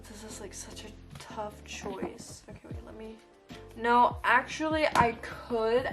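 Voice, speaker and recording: An eighteen-year-old woman from Denmark chats to her camera about reading, her talk loose and full of fillers and restarts. Her voice sits at an ordinary middle pitch for a woman. Soft music plays faintly behind her. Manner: chatty, rambling with many likes and restarts. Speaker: book vlogger. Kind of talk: casual vlog chat.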